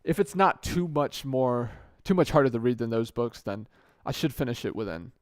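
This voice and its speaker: A man's voice: medium pitch, animated, normal speed, few pauses, no echo. Rambling young man, dry close podcast mic. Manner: rambling, often restarts and corrects himself mid-sentence. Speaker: podcast host. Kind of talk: casual solo podcast monologue. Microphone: good podcast microphone.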